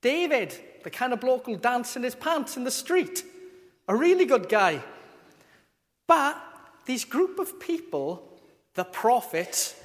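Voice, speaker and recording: A man with a notably high voice preaches a sermon, talking in a chatty, joking, informal way. His voice rings with the long reverb of a church. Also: big pitch swings, slow, long pauses.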